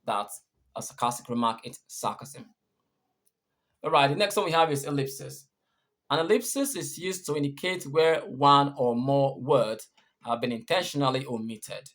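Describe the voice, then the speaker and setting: A man's voice: mid-range voice, expressive, normal speed, a bit bright. A man teaching English punctuation, patiently repeating and rephrasing each point. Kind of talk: explaining punctuation rules.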